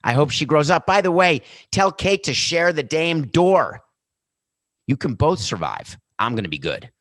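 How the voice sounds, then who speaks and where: A man voicing a pompous male club boss on a sinking ship, mock-cheerful, loud and pitched up. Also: very animated, unhurried, dry recording, studio quality.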